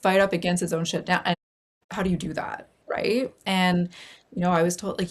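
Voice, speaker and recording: A woman speaks as a guest in a casual podcast interview, her voice pitched a little low with a gravelly, fry-edged texture. She talks chattily and candidly, scattering "like" through her sentences. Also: steady tone, normal speed. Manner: chatty, many "like" fillers, candid. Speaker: holistic healing practitioner, guest.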